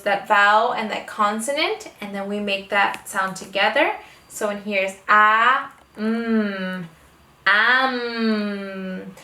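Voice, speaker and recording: This homeschooling mother addresses the camera with instructions on teaching her children to read, moving slowly and stretching the phonics sounds out. Her mid-range voice has a sharp tone, and the echoey room leaves her sounding somewhat far from the mic.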